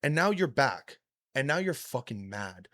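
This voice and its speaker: A man's voice: medium pitch, sing-song, unhurried, fairly bright tone, no room sound, studio quality. A man co-hosting a casual podcast chat, swearing freely and animatedly retelling scenes. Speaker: podcast co-host.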